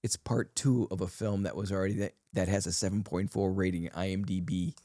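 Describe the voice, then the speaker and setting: A man co-hosting a podcast, telling stories in a rambling, halting way. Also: low-pitched, steady tone, warm tone, no room sound, studio quality. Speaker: co-host. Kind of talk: casual chat.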